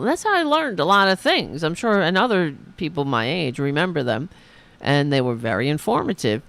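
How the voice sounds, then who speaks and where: Woman ranting angrily with lively pitch. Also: moderate pace, gravelly, no room sound. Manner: angry, profane ranting. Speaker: podcast host. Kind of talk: political commentary podcast.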